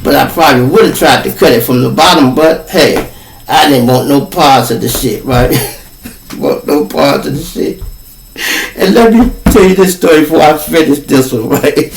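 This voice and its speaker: A man with a Chicago accent, hosting a podcast and telling a story in a loose, profane, animated way, acting out the people in it. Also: medium pitch, creaky, slight background noise. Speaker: podcast host. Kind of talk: casual storytelling. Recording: roomy, distant from the mic.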